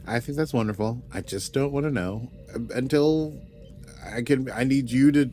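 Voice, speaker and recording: A man's voice: medium pitch, moderate pace, warm tone, soft background music. A man co-hosting a podcast in casual chat, easygoing, mostly giving brief replies. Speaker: podcast co-host.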